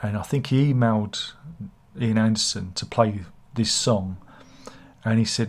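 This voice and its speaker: A man's voice: on the low side, unhurried. A man, hosting a casual book review channel, rambling with sardonic, self-mocking humor. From England.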